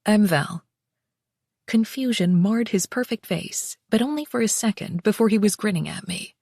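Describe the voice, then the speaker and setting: A woman narrating a first-person romance audiobook in an expressive, wry way on a close mic. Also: medium pitch, normal speed, creaky, breathy edge, no room sound.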